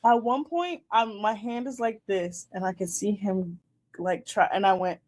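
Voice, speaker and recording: A woman's voice: mid-range voice, measured pace, darkish tone. A woman in her twenties hosting a casual chat show, animatedly telling a dating story and acting out the scenes. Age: 20s. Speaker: host.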